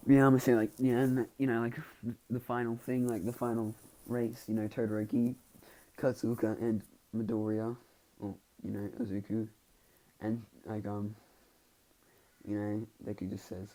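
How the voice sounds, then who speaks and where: A man's voice: lowish voice, flat delivery, moderate pace, warm tone, poor audio. A young man casually retelling a fan story, rambling with lots of filler words. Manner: rambling, filler-heavy, constantly says "like".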